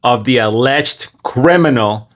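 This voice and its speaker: A man's voice: medium pitch, a little slow, a little hiss or hum. A man hosting an opinionated video commentary, scornful and emphatic, hammering short phrases. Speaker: commentary channel host.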